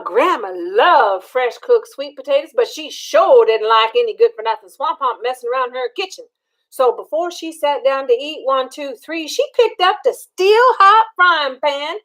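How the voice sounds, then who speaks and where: An older woman reading a picture book aloud to children, animated and stopping to ask them questions. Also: high voice. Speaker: storyteller.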